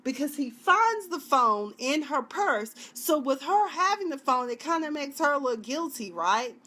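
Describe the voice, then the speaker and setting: A woman's voice: very animated, measured pace, bright, forceful tone. Chatty woman reviewing a TV show. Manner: chatty and dramatic, acting out scenes in jumpy high and low voices. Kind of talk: casual video review.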